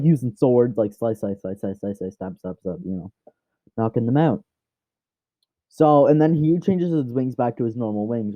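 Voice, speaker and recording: A man's voice: mid-range voice, no echo. A man rambles through a fan story in casual, off-the-cuff talk, full of fillers and restarts. His voice sits mid-range and is recorded close and dry on a dull, lo-fi mic.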